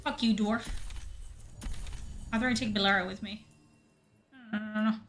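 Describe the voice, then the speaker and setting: A woman's voice: mid-range voice, fairly even intonation, moderate pace, fairly bright tone. A woman streaming a video game, rambling sarcastically and swearing freely as she comments on it. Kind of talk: live gameplay commentary. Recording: game music underneath.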